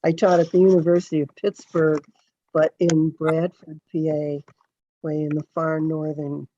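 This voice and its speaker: A woman's voice: low-pitched, little pitch movement, warm tone, slight background noise. A woman poet reading her poem aloud over a video call, chatting unhurriedly before she begins. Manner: unhurried, conversational between poems. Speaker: poet reading at a literary event. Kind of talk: poetry reading. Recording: dull, dry video call audio.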